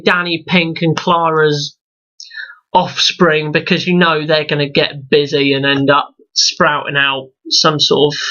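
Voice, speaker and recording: Male reviewer: bright, sharp voice, rambling rant full of restarts and swearing. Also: on the high side. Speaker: video reviewer. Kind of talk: opinionated casual rant. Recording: dull lo-fi recording.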